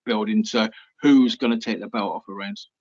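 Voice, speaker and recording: A man's voice: fairly low pitch, steady tone, normal speed. A man co-hosting a casual podcast, giving confident, opinionated takes and speaking to his listeners. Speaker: podcast co-host. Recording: muffled lo-fi audio.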